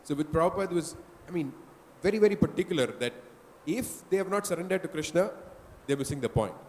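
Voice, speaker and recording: A man's voice: fairly high pitch, lively intonation, fast, a little mellow, long reverb tail, a little hiss or hum. A man discussing scripture in a class, thoughtful and hesitant, with many fillers.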